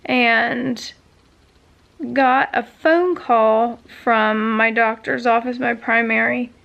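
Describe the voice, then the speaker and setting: A woman's voice: a little high, steady tone, slow, creaky, dull audio. A woman vlogger chatting casually, telling a long story with many fillers and asides. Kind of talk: casual chat.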